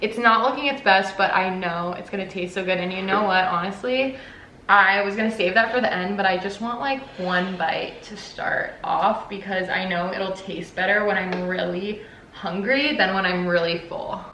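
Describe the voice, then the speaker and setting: A young woman YouTuber chats casually while eating on camera for a mukbang, swearing now and then. Her mid-range voice has a sharp tone at normal speed, captured with a roomy echo and faint background noise.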